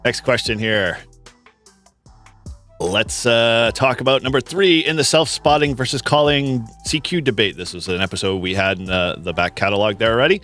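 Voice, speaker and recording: Boston-area man hosting a live quiz stream, mid-pitched, light music behind, laughs a lot. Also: moderate pace, fairly bright tone. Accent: Boston-area American. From Massachusetts, USA. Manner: laughs often, chatty with restarts. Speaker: host.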